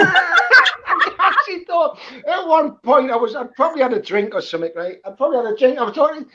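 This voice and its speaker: A man with a Geordie accent chatting casually as a podcast guest, animated and laughing, repeating his phrases. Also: extremely high pitch, fairly quick, muffled recording. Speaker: guest impressionist.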